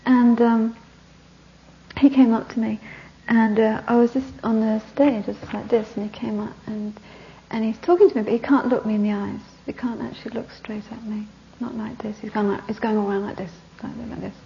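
A woman Buddhist teacher telling a story in a Dharma talk, animated and sometimes dropping to soft whispers for emphasis. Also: fairly high pitch, moderate pace, gravelly, muffled recording, slight background noise.

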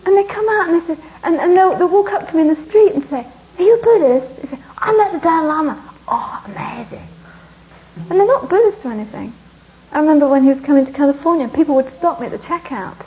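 A woman who is a Buddhist nun, telling stories in an animated, emphatic way and dropping almost to a whisper on reflective points. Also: high-pitched, racing. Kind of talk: storytelling talk. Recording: muffled lo-fi recording.

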